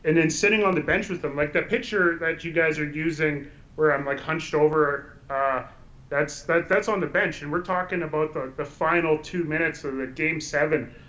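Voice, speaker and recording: A man telling stories as a guest in a casual chat, animated and full of restarts. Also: fairly high pitch, normal speed, poor audio. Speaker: guest documentary filmmaker. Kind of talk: casual storytelling in a podcast chat.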